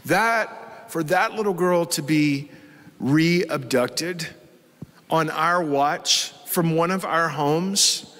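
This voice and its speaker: A man's voice: fairly high pitch, very slow, fairly bright tone, in a large hall. A man preaching a sermon as pastor, telling a story with strong emotion. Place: church hall with live congregation.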